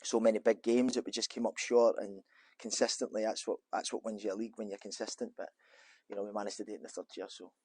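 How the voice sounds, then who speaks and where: A man's voice: on the low side, little pitch movement, quick pace, a little mellow, slightly rough, dry recording. A man, a former footballer being interviewed in an office, talking casually and rambling with many restarts and fillers.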